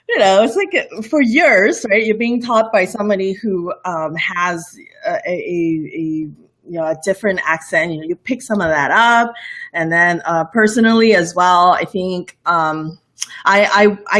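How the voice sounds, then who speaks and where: This young woman from Borneo, a cooking show host appearing as an interview guest, speaks in a blended international English accent. Her voice is lowish, unhurried and a bit bright, and her casual interview chat rambles with many fillers, restarts and frequent laughter.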